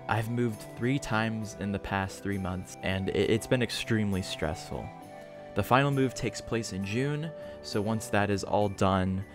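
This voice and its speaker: A young man hosting his channel, giving a relaxed, rambling update with a few fillers. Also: on the low side. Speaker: channel host. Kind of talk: casual direct-to-camera channel update. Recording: music playing under the voice.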